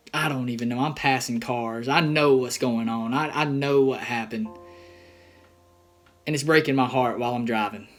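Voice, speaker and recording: A young vlogger shares a painful story about his family in a personal vlog, his mid-range voice carrying a slightly bright tone. His delivery is earnest but halting, broken up by many pauses.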